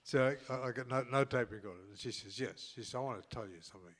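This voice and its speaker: Older Aussie male storyteller, mid-pitched, rambling and chuckling through anecdotes. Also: fast talker, a bit bright. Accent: Australian. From Australia. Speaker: co-host telling stories. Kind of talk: casual storytelling chat.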